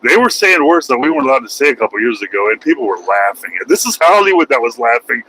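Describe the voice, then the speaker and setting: Trucker, rambling opinionated vlog talk from the cab, bright forceful tone, light road hum behind. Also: male voice, mid-range voice, sing-song, fast, poor audio. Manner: opinionated, rambling, wry asides. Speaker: truck driver vlogger. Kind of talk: casual rambling monologue.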